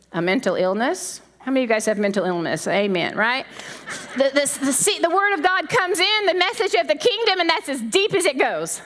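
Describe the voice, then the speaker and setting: Animated woman preaching, high lively voice. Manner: animated, conversational, laughing asides. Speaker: pastor's wife preaching. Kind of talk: sermon.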